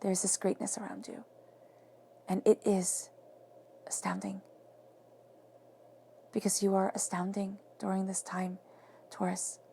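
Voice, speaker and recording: A woman reads tarot in an emphatic, affirming way. Her voice is gravelly and dark in tone, and she often sinks into soft whispers to stress a point. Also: mid-range voice, little pitch movement, measured pace, long pauses. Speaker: tarot reader. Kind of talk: spoken tarot reading.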